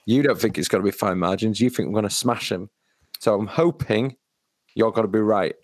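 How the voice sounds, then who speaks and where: A man co-hosting a football podcast in casual chat, measured, with a dry sense of humor. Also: fairly low pitch. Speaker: podcast co-host.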